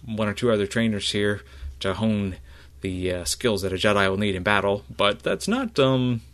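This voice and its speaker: A man puts on a male Jedi battle master who teases and then steadies new recruits. His voice is friendly and unhurried, a little raised above the narration, with frequent pauses. It is a low male voice lifted slightly for the role. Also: animated, a bit bright. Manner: teasing, then reassuring.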